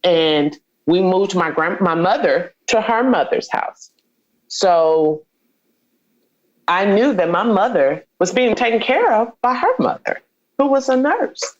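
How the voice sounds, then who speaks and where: A woman's voice: medium pitch, animated, takes it slowly, muffled recording. A woman guest in an interview, telling a personal story with feeling and acting out the dialogue she quotes. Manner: heartfelt, acts out quoted dialogue.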